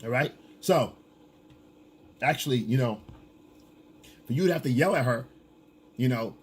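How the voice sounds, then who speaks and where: A man's voice: medium pitch, a bit bright, husky. A man giving blunt, profane, lecturing dating advice in a casual coaching monologue.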